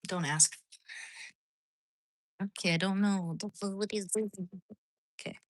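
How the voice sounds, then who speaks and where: A woman's voice: mid-range voice, fairly even intonation, a little slow, dry recording. A woman chatting casually to her live stream audience from home, rambling along with many restarts. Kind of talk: casual livestream chat.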